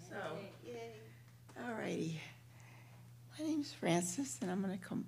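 A woman's voice: mid-range voice, animated, takes it slowly, gravelly, long pauses, crowd noise. A woman sharing her story at a recovery meeting in a wry, joking way, sometimes dropping to a near whisper. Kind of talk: personal share at a recovery meeting. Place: meeting room.

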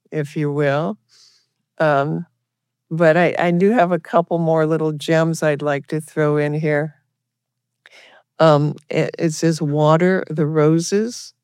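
A woman's voice: deep voice, a little mellow, no room sound. Woman sharing her story, close and dry. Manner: earnest, rambling storytelling with many restarts. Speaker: recovery meeting speaker. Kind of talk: personal recovery share.

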